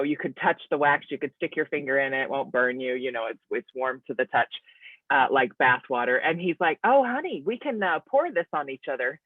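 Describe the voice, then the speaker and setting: A woman's voice: low voice, dry recording. A woman on a group video call, telling stories in a chatty way and laughing as she goes. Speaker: panel guest. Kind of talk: casual chat on a video call. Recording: tinny, dry phone-like sound.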